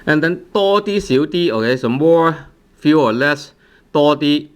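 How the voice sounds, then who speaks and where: A man teaching a language lesson, hesitant, with many fillers, repeating words slowly for practice. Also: a little high, smooth.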